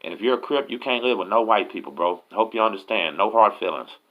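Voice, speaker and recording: A man's voice: lowish voice, quick pace, highs cut off. A man voicing a skinny male inmate who is blunt but friendly.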